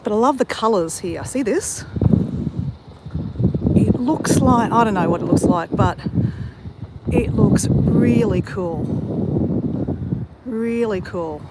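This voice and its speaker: Streaming live from her phone on a windy coastal walk, an Australian woman chats eagerly with her viewers and addresses them constantly. Her mid-range voice is expressive and a little slow, with long pauses. It's casual live-stream chat, and wind buffets the phone mic throughout.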